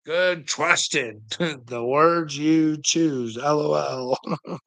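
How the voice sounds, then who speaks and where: A man's voice: on the high side, very slow, creaky, a bit bright, low-quality recording. A man delivering a profane, rambling rant, swearing constantly and breaking into laughter between phrases. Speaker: online commentator.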